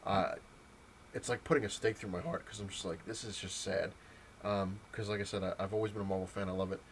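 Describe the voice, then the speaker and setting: A man's voice: on the low side, fairly even intonation, a little fast, slight background noise. A young man in a casual, rambling vlog rant, exasperated and full of fillers and restarts. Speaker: comic collector vlogger. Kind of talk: casual ranting monologue.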